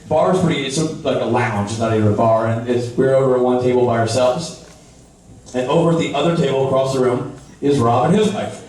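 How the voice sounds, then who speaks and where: A man on a convention panel telling a funny anecdote to a live audience, animated and jokingly aggrieved. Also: medium pitch, a little hiss or hum. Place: large convention hall. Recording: echoey hall from far off.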